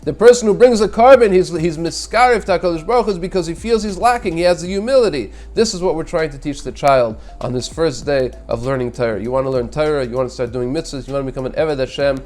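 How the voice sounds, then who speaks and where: A man preaching a brief sermon at a quick clip, his voice sitting a little high for a man. He speaks earnestly, often doubling words as he restarts a phrase, like a rabbi telling a story to make his point. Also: darkish tone, soft background music. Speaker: rabbi giving a Torah thought.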